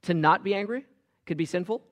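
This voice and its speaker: Male pastor, emphatic sermon delivery with sharp swings between loud and hushed lines, voice sitting a bit high. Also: brisk. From Los Angeles area. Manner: emphatic preaching with sudden loud rises and quiet drops.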